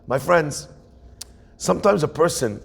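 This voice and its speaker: A man's voice: fairly high pitch, unhurried, vocal fry, husky. A man, a rabbi, telling a story in a sermon and acting out the voices of the people in it. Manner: animated storyteller, acts out quoted voices. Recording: long hall reverb.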